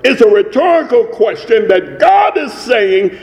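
A man's voice: very high-pitched, big pitch swings, measured pace, a little mellow, in a large hall. A man preaching a sermon with emphatic rising cadences and repetitions.

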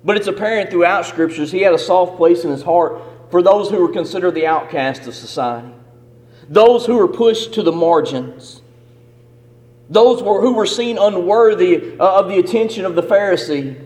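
A man preaches with a rhythmic, emphatic cadence, his voice sitting high for a man. The sound carries a long reverb from a church hall. He builds his points through repeated phrases. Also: normal speed, a little mellow. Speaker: pastor. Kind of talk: sermon.

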